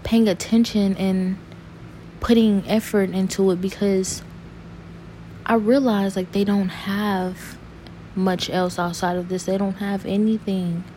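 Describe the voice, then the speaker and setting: Young woman, vlog monologue, slow, warm and mellow, rambling restarts, earnest, faint background hiss. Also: medium pitch, level tone. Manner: rambling, halting, full of restarts and fillers; earnest and saddened. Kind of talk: emotional personal monologue.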